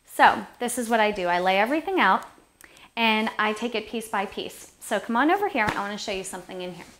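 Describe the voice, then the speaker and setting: A woman's voice: mid-range voice, lively intonation, fairly quick, fairly bright tone. A woman in a how-to video, walking the viewer through her packing step by step.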